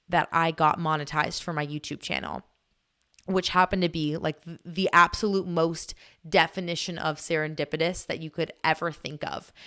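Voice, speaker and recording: A young woman hosting a podcast, telling a personal story in a chatty, animated way with frequent laughs. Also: low-pitched. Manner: chatty, animated, laughs often, many "like" fillers. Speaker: podcast host. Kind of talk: casual storytelling chat.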